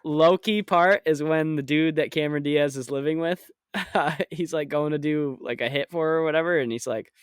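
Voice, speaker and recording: A man's voice: a little high, moderate pace, clean tone, no echo. A man co-hosting a podcast, chatting in a laid-back way, chuckling and swearing casually. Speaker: podcast co-host. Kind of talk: casual chat.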